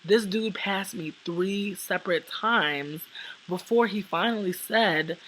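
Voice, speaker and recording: A young woman with a bright, forward voice tells a rambling true story to camera. Her talk is casual and heavy with swearing, and she acts out the people in it. A faint hiss sits under the recording. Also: mid-range voice, takes it slowly, low-quality recording. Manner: profane, animated, acts out what people said. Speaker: vlogger.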